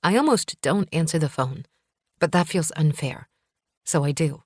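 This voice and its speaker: A woman narrating a first-person thriller audiobook in a calm, measured way. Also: deep voice, no echo, clean studio sound.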